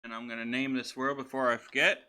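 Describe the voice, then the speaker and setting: A man's voice: mid-range voice, little pitch movement, quick pace, sharp tone, slight background noise. A man hosting a let's-play video, talking casually and rambling with lots of fillers and restarts as he sets up a game. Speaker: gaming channel host.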